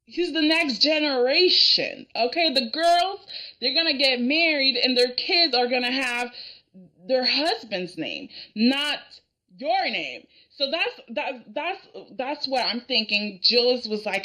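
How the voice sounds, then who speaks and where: A woman talks through a family drama episode at a slow, easy pace. Her voice sits a little high and bright, and she slips into the characters' lines as she goes, laughing along the way. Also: expressive. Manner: chatty, acts out characters' lines, laughs often. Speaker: reaction video host. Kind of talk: casual recap of a TV drama.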